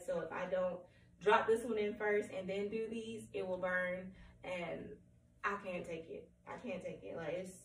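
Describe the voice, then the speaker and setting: A woman with a hoarse, cracking voice giving a candid personal update at home, rambling and apologetic with many ums. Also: mid-range voice, slight background noise. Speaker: vlogger. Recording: roomy, distant from the mic, faint room ambience.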